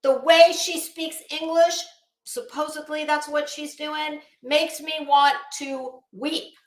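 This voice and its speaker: A woman's voice: high-pitched, steady tone, slow pace, roomy sound. A woman hosting a live commentary stream, rambling bluntly and sarcastically while greeting her viewers.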